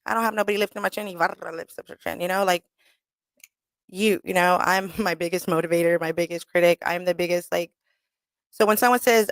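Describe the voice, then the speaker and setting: A woman hosting a radio talk show, telling a candid story in a blunt, profane, animated way and acting out the voices of people she quotes. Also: fairly low pitch, moderate pace, dry recording. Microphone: studio microphone.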